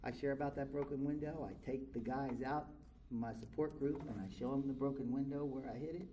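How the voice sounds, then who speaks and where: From California, this recovery meeting speaker tells his story to a live audience in a convention meeting room, blunt, profane and frank about himself. His mid-range voice has fairly even intonation and a brisk pace, captured with lo-fi sound over a noisy background.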